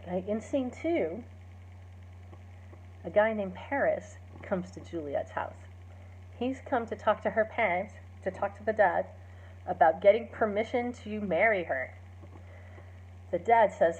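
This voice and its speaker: A woman's voice: medium pitch, measured pace, pauses often, darkish tone, a little hiss or hum. A woman, a teacher, casually retelling a play's story, chatty with many fillers and acting out the quoted lines. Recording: dull lo-fi recording.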